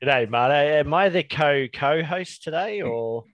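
A man's voice: on the high side, lively intonation, slow pace, highs cut off. Cheeky Australian man on a headset. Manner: cheeky, jokey, laughs at himself. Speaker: podcast guest co-host. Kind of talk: casual banter podcast.

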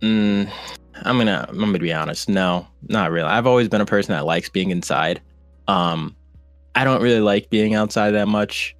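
Podcast guest: a low-pitched man, halting and casual, recorded dry. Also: no room sound, faint music behind. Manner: hesitant, many fillers and restarts. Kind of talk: casual conversation.

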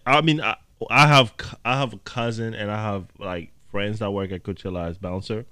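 A man in casual chat, telling stories with lively acted-out quotes. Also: lowish voice, normal speed, clean tone, no echo. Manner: animated storyteller acting out quotes.

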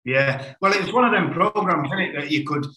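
A man's voice: on the high side, animated, brisk, pushed and bright. A man in his thirties from Ireland, a guest actor chatting casually and easygoingly, laughing often and calling the host mate. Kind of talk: casual chat. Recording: echoey room.

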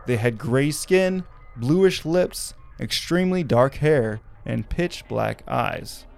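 A man's voice: medium pitch, lively intonation, slow pace, vocal fry, soft background music. A man from Arkansas who hosts a podcast, telling a story with wry asides and laughing at his own jokes. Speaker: podcast host.

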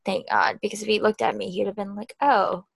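A woman's voice: mid-range voice, little pitch movement, quick pace, gravelly, slightly rough, dry recording. A young woman co-hosting a casual podcast chat over a video call, chatty and laughing often. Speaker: podcast co-host. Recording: crunchy video call audio.

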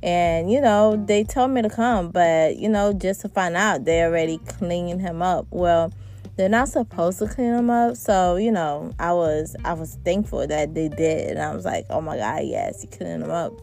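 A woman's voice: lowish voice, a little slow, darkish tone, soft background music. A young woman hosting a parenting podcast, chatting casually and calling her listeners y'all. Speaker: podcast host. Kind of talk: casual chat.

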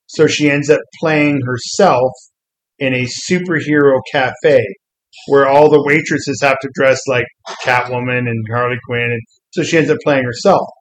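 A man's voice: mid-range voice, low-quality recording. A man in a casual comics chat who retells scenes with lots of energy and acts out the quotes. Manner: animated storyteller, acts out quotes.

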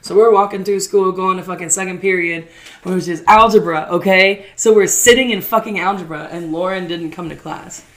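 A young woman co-hosting a podcast, telling a story in a casual, animated and profane way while acting out what people said. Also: fairly low pitch, normal speed. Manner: animated, profane, acts out quotes. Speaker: podcast co-host.

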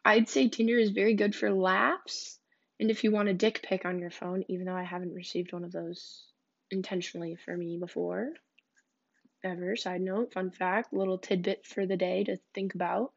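This is a young woman with a lowish voice, vocal fry, a level tone, and a moderate pace. As host of a casual storytelling podcast, she candidly and bluntly relates dating experiences and swears freely, all on a dull lo-fi recording.

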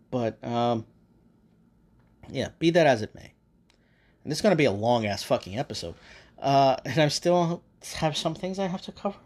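A man's voice: on the high side, a little mellow. A man hosting a podcast, talking in a casual rambling monologue with lots of fillers, restarts and swearing. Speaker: podcast host.

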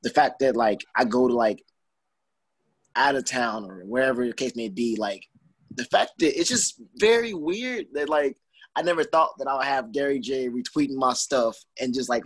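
A young man, a wrestler guest, talking in a rambling, filler-heavy, excitable way in an interview. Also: mid-range voice, fairly quick, slightly rough, dry recording. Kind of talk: casual interview.

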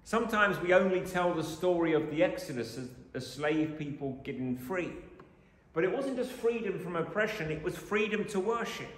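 A man preaching a sermon, dramatic, swinging from loud exclamations to hushed lines. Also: high voice, animated, normal speed. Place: church. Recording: echoey church hall.

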